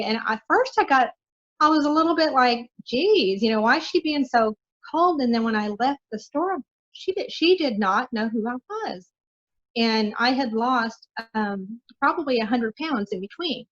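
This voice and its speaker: A woman's voice: fairly high pitch, muffled recording. A middle-aged woman guest on a podcast, talking in an earnest, encouraging way with lots of fillers. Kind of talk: casual interview talk.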